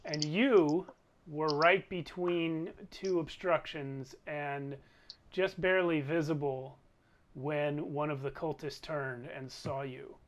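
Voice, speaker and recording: A man running a tabletop game as game master, thinking aloud over the rules in an unhurried way. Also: on the high side, steady tone, muffled recording.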